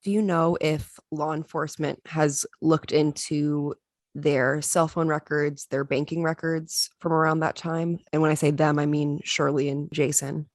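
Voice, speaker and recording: A woman hosting a podcast asks her guest careful, measured questions. Her voice is very low for a woman. The sound is close and dry. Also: level tone, dry recording. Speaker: podcast co-host. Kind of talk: interview questions.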